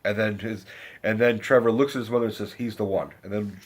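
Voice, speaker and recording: A man giving a casual, rambling film review rant, loose and profane, jumping into pitched-up impressions of the characters. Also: quick pace. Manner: profane, animated retelling with pitched-up acted quotes.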